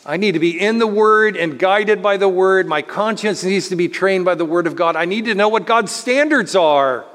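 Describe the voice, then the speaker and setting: A man's voice: sits high, fairly bright tone. Preaching man in a reverberant hall. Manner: earnest preaching, slows to stress words, speeds up voicing others. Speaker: pastor. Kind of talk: sermon.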